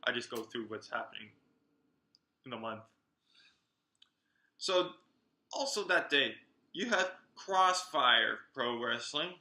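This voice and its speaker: A man giving a chatty, excitable roundup of upcoming wrestling events and talking straight to his viewers. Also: mid-range voice, roomy sound. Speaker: wrestling vlogger.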